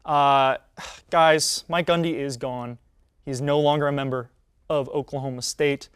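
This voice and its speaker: A man in his twenties hosting a solo sports talk show, casual and animated, with frequent fillers and restarts. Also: mid-range voice, measured pace, clean tone, no room sound, clean studio sound. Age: 20s. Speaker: podcast host; college student.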